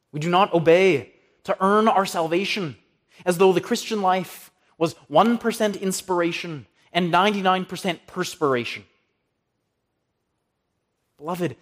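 A man preaching an earnest sermon from the pulpit, quoting scripture and naming the references. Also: high voice.

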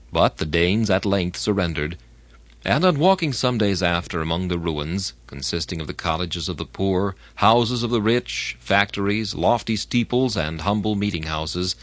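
A man giving a measured, expressive audiobook reading of an old religious text. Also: low voice, no room sound. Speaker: reader.

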